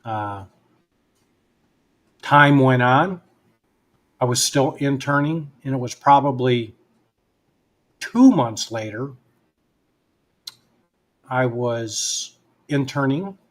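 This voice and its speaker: A man's voice: medium pitch, expressive, extremely slow, pauses often, a bit bright. A man, a guest hypnotist, telling a personal story in casual conversation and acting out both sides of the remembered dialogue.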